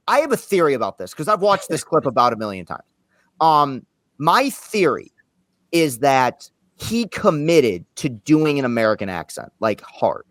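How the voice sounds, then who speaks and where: A man's voice: mid-range voice, fairly bright tone, no echo. A man co-hosting a movie podcast, giving wry, opinionated takes in casual chat.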